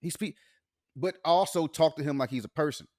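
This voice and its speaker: A man's voice: a little high, fairly quick, darkish tone, no echo, studio quality. A man in his thirties co-hosting a casual comedy podcast, telling stories and laughing often. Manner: storytelling, laughs often, acts out quotes. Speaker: podcast co-host.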